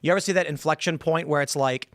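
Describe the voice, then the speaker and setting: A man with a slightly high voice hosts a relaxed panel talk show. He talks things through at length, musing aloud over a close, dry studio microphone with no room sound. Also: fast, dry recording. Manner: explains at length, muses aloud. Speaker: podcast host. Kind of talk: casual panel chat.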